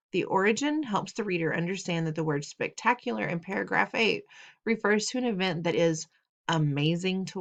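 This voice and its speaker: A woman's voice: medium pitch, gravelly, muffled recording. A woman teacher walking students through reading test questions in a patient, instructive way, repeating steps and asking them questions. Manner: patient, instructive, playful teasing. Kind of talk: recorded test-prep lesson.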